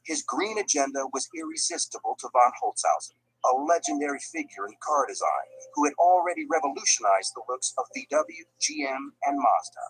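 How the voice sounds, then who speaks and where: A man narrates a documentary with a measured, dramatic delivery. His voice is a little husky and moves in a lively way across his pitch range. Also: no room sound, rough recording. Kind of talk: scripted narration.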